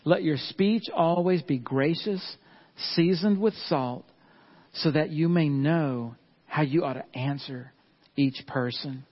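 Folksy pastor, slightly high voice. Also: male voice. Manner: folksy, frequent asides to the congregation. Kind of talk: sermon. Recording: dull lo-fi sound.

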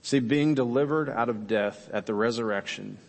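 A man preaches a sermon in a gravelly, mid-pitched voice, earnest and emphatic as he puts rhetorical questions to his listeners. His words ring out with the long reverb of a large church sanctuary. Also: normal speed. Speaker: pastor.

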